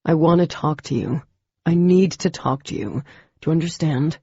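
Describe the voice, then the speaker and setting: A woman's voice: low voice, normal speed, warm tone, breathy edge, no echo, dull audio. A woman doing Demon, an intense weary young man.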